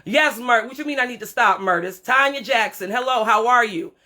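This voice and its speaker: A woman's voice: a little high, a little fast, bright, forceful tone. Blunt, profane woman ranting to her viewers. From Creole background. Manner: blunt, profane, preachy, talks straight to viewers. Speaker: livestream host. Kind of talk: unscripted livestream rant.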